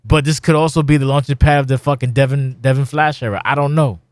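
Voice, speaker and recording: A man's voice: medium pitch, fairly even intonation, quick pace, no echo, studio quality. A middle-aged man hosting a casual podcast, rambling and swearing bluntly. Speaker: podcast host.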